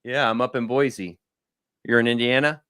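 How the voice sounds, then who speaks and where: A man in his thirties, a guest on a livestream video call, telling stories in an animated, rambling way. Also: medium pitch, moderate pace, smooth, dry recording, clean studio sound. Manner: animated, rambling storytelling with acted-out quotes. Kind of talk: casual talk on a livestream.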